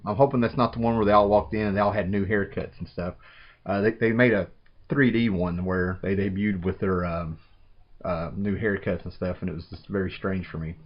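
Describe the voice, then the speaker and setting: Thirties man, casual unboxing vlogger, rambly and excited, low-pitched, muffled home recording. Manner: rambling, enthusiastic, says "man" often.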